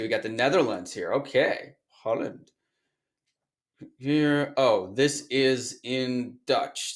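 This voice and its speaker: A man teaching an online course, talking casually and thinking aloud as he reads through listings on his screen. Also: mid-range voice. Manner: chatty, thinks aloud while reading listings. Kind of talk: casual screen-share walkthrough.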